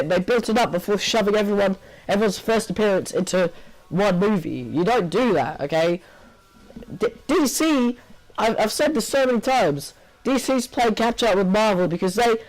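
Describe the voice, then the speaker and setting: High-voiced man ranting through a review. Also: low-quality recording. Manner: rambling and exasperated, heavy on filler words. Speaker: movie reviewer. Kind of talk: casual spoken review.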